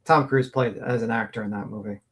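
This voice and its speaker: A man co-hosting a casual gossip livestream, crude and slangy, quick with jokes. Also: fairly low pitch, steady tone, a bit bright. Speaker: livestream co-host.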